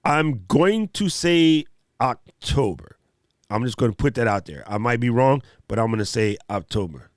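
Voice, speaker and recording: Animated guy hosting a live q&a, slangy, talks right to chat, dry sound. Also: medium pitch, normal speed, no echo. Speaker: live stream host.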